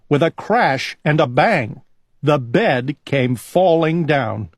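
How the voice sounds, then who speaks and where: Man, storybook narration, calm, gentle, very slow, dry close sound. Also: fairly high pitch, no echo. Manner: calm, gentle, unhurried reading. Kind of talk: storybook reading.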